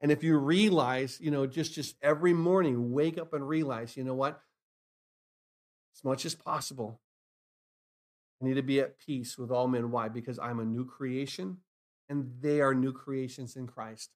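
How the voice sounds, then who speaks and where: A pastor preaching a sermon, asking rhetorical questions and repeating phrases, swinging from hushed lines to loud emphatic bursts. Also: male voice, mid-range voice, steady tone, normal speed.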